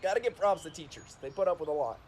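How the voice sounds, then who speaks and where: A man's voice: fairly high pitch, expressive, fast talker, a little mellow, a little hiss or hum. A man chatting on a stream, telling stories in a rambling way, with lots of "like" and laughing at himself. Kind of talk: casual storytelling chat.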